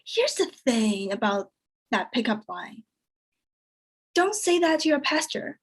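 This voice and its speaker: Deadpan woman doing stand-up, higher voice. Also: slow pace, husky. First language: Chinese. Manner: deadpan delivery, jumps high for quoted voices. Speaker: stand-up comedian. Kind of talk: stand-up comedy set.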